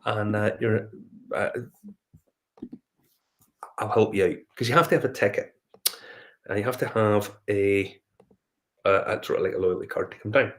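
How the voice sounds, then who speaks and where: A man's voice: fairly low pitch, normal speed, pauses often, slight background noise. A Northern Irish man hosting a whiskey review show, telling a rambling anecdote in casual chat, full of fillers and restarts. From Northern Ireland.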